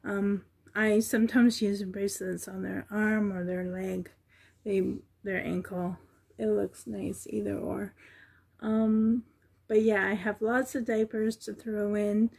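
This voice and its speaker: A woman at home on the floor, showing a doll she is selling, talking softly with many ums and a little out of breath. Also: medium pitch, level tone, slow pace, vocal fry, breathy edge. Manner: soft, cooing over the doll, with many ums. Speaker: reborn doll seller. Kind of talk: casual show-and-tell vlog.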